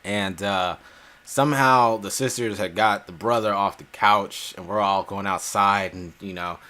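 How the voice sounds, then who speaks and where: A man who hosts a gaming channel telling a personal story in a casual, animated way, laughing often and swearing freely. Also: lowish voice, measured pace.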